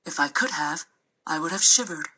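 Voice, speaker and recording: A woman narrating a children's novel aloud in a steady storytelling way. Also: sits low, normal speed, breathy edge, low-quality recording. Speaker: reader.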